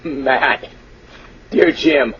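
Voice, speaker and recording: A man's voice: medium pitch, huge pitch swings, very slow, gravelly, fairly bright tone, a little hiss or hum. A man hosting a radio talk show, reading listener emails aloud in a brash, amused, mock-exasperated way. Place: radio studio. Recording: dull lo-fi radio broadcast.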